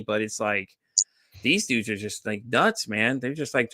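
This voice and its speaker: Bright-voiced man telling animated stories. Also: fairly low pitch, measured pace, no room sound, studio quality. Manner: animated storytelling, acts out quoted voices, swears freely. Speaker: podcast host. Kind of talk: casual podcast chat.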